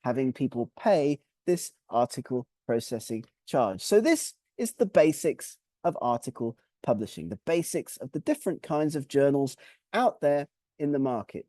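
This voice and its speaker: A man presenting a publishing webinar, explaining step by step in a clear, methodical way, with lists and recaps. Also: fairly high pitch, warm tone, no room sound, studio quality.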